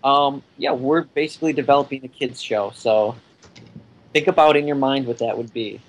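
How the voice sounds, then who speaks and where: A man talking casually on a podcast, mid-pitched and unremarkable in tone. He rambles through his plans in a loose, joking way and laughs often. A faint background hum sits under his voice. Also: normal speed, rough recording. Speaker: podcast guest, event organizer.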